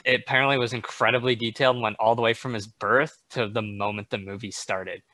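A man's voice: medium pitch, steady tone, quick pace, bright, forceful tone, no echo. A young man in a casual chat about a film, explaining his view in a loose, thinking-aloud way. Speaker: film discussion co-host.

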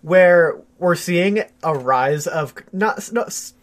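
A man's voice: on the high side, lively intonation. A young man co-hosting a podcast, explaining his views in an easygoing way with many fillers. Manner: measured, explanatory, hedging with fillers. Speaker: podcast co-host. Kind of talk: casual chat.

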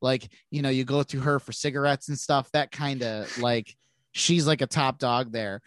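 A man with a nasal voice chats casually about comic books as a podcast co-host. He rambles, restarts sentences and fills gaps with "you know" and "um". His voice is mid-pitched and sits dry and close to the mic. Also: fairly even intonation, moderate pace, a bit bright, no room sound. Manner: rambling, many restarts and fillers. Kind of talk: casual comic book chat.

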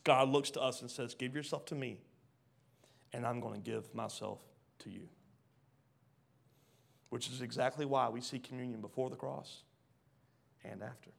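A man preaching a sermon, reading scripture aloud and questioning the congregation, swinging from hushed lines to loud ones. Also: mid-range voice, normal speed, creaky, pauses often. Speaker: pastor.

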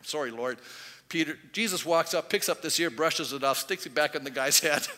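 Animated male pastor in a reverberant hall. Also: on the high side, fairly quick. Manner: animated storytelling, acting out quoted voices. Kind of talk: sermon.

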